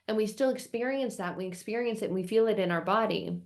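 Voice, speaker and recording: A fast-talking woman with a mid-range, slightly mellow voice barely pauses as she hosts a casual self-help vlog. She tells a story expressively, voicing her frustration through quoted outbursts and repeating phrases in rhythmic lists.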